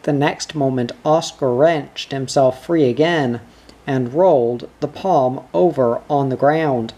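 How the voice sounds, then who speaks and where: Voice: mid-range voice, slow pace, mellow. A narrator reading a children's storybook aloud.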